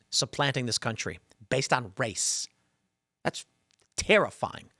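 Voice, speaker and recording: Speaking in a bright, forceful voice on the high side, this man from Chicago, United States, runs a one-man political commentary. He argues his views hard and keeps restarting his sentences, captured in clean studio sound without echo.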